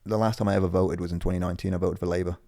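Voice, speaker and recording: Man, gravelly voice, low pitch, casual podcast chat, rambling, sweary. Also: little pitch movement, rapid-fire, warm tone. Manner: swears a lot, rambling storytelling. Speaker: podcast co-host.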